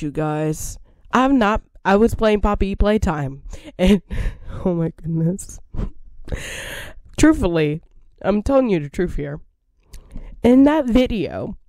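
A woman's voice: lowish voice, darkish tone, no room sound, studio quality. A woman gaming creator chatting casually to her viewers, rambling, giggly and repeating herself.

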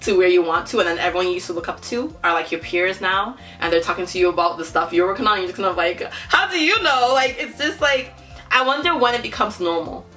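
A woman's voice: on the low side, quick pace, a bit bright, soft background music. A woman hosting a casual reaction vlog, chatty and gushing, laughing often as she talks to her viewers. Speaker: reaction YouTuber.

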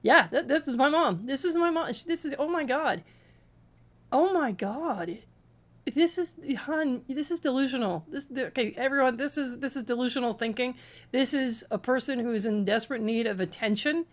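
A woman's voice: high-pitched, normal speed. A woman hosting a reaction commentary, exasperated and stammering as she talks back at a clip. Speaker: commentary channel host.

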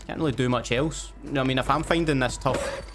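A man's voice: mid-range voice, fairly even intonation, fast talker, loud music behind the voice. A young man hosting a casual gameplay livestream, chatty, swearing freely and thanking viewers. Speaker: streamer and host.

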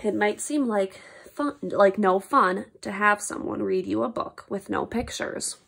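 A woman's voice: mid-range voice, measured pace, creaky, a bit bright, slightly rough. A woman reading a picture-free book aloud to children as a lesson, reacting with playful, exaggerated surprise to the silly words.

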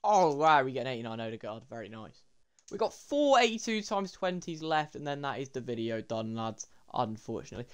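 A young man, commentating his game pack openings in an excitable way and talking to viewers as lads and boys. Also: medium pitch, brisk, clean tone. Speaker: gaming YouTuber.

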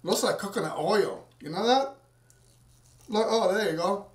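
A man's voice: sits high, expressive, measured pace. A man chatting casually to viewers at home while making a drink, rambling as he goes. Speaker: home cocktail maker. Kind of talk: casual cooking vlog. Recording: roomy sound, from far off the mic.

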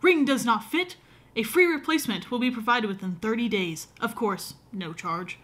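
A stiff, mock-medieval announcer with an exaggerated put-on accent and a pompous, formal delivery, as a young woman vlogger hams it up. The voice sits fairly high, and the words come out in drawn-out, grand cadences. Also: lightly acted.

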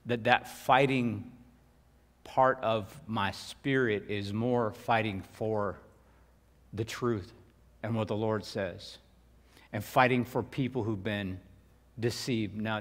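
Folksy middle-aged pastor in a hall. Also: male voice, lowish voice. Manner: conversational and folksy, asides and repeated words. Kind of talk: sermon. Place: church sanctuary. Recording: reverberant church hall.

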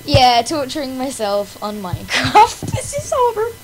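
A woman's voice: sits high, wildly swooping pitch, normal speed, noisy background. A woman hosting her gaming channel in casual gameplay commentary, melodramatically complaining about her failures with wails and laughter.

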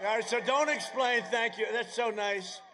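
Man shouting a rambling rally speech. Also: very high voice, moderate pace, crowd noise, background noise. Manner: rambling, with sarcastic asides and bursts of shouting. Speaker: campaign speaker. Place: outdoor rally at an airfield.

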